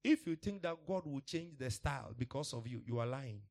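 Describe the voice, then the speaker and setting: A man's voice: medium pitch, expressive, a little fast, creaky, darkish tone. A man preaches to his congregation. He speaks emphatically, repeating his points and laughing now and then between them. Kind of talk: sermon.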